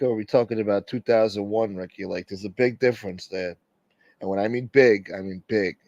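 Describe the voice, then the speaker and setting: A man rambles crudely through a casual livestream, swearing freely as he reads out the chat. His voice sits at a middling pitch. The sound is dry and a bit dull, like a lo-fi setup. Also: mellow, no room sound. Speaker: livestream host reading chat.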